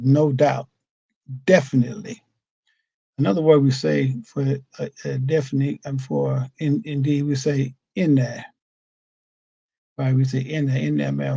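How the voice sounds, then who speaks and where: A man with a gravelly, mellow voice teaches scripture in a patient, explanatory way, often stopping on fillers as he thinks. He sits at a computer mic, and the sound is dull and lo-fi but dry, with no room around it. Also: medium pitch, no echo. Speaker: religious teacher. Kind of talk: weekly scripture study lesson. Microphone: computer mic at a desk.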